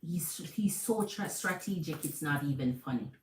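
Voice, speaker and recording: A woman with a Jamaican accent giving a tarot reading to viewers, animated and repeating herself, calling listeners Queen. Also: sits low, normal speed, slight background noise. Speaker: tarot reader. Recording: echoey room.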